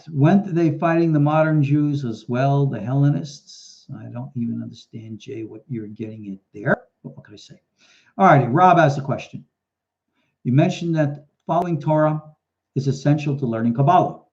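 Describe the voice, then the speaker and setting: A man's voice: mid-range voice, a little mellow. A rabbi talks through viewer questions on a live stream, a man with a chatty, storytelling manner. His voice swings freely up and down as he talks. The sound is dull and lo-fi, like a webcam mic. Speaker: rabbi and teacher hosting a live Q&A. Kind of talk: casual live question-and-answer talk. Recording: dull lo-fi livestream audio.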